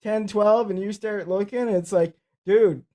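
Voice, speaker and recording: High-voiced man chatting casually. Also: fairly even intonation, normal speed, darkish tone. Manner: laid-back, slangy banter. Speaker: podcast host. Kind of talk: casual podcast chat.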